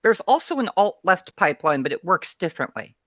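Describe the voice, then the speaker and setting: Guest chatting bluntly, bright sharp tone, dry mic. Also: mid-range voice, big pitch swings, brisk, no echo. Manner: frank and blunt, talks in long runs. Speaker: interview guest. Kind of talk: casual interview chat.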